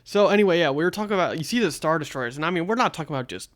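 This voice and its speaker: A man's voice: fairly high pitch, expressive, very fast, a bit bright. A young man co-hosting a casual podcast, rambling with lots of fillers and restarts. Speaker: podcast co-host. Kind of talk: casual chat.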